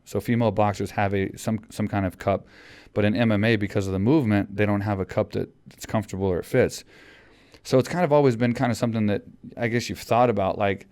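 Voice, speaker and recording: A man's voice: lowish voice, steady tone, fast talker, a little mellow. A man hosting a podcast in casual chat, rambling with lots of fillers and restarts. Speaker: podcast host.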